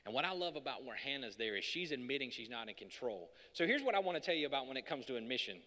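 Male pastor, sermon at a podium, casual and joking, then emphatic; bright voice, long hall reverb. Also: mid-range voice, very animated, fast talker. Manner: conversational and joking, building to emphatic peaks. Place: church hall.

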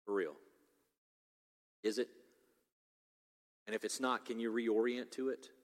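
A pastor in his forties preaching a sermon, swinging between loud urgency and hushed, intimate appeals. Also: mid-range voice, fairly even intonation, a little slow. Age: 40s. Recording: long reverb of a large hall.

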